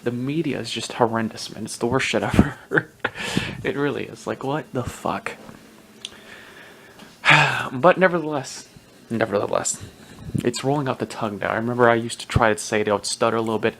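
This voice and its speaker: A man's voice: mid-range voice, moderate pace, fairly bright tone, slight background noise. Rambling, profane male podcast host. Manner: rambling, profane, self-mocking, laughs often. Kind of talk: casual solo sports commentary.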